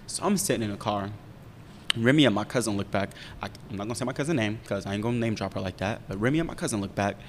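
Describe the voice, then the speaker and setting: A young man in casual chat, candidly telling a story, profane and animated as he talks. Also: racing. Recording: roomy reverb with faint rumble.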